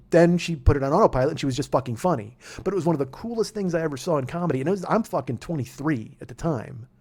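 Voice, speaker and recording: A man in his forties hosting a podcast, telling a rambling, profane story in casual storytelling. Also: a little high. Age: 40s. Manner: profane, rambling, gets worked up and shouty. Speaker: podcast host.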